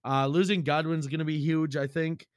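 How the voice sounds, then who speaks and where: Chatty sports podcast host, fairly high voice. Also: male voice, fairly even intonation, normal speed, no room sound, studio quality. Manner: chatty, loose and profane. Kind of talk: casual sports podcast talk.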